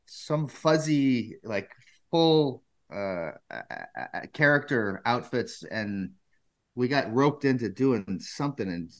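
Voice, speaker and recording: A man hosting a casual chat, telling an anecdote in halting, restarting bursts. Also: medium pitch, expressive.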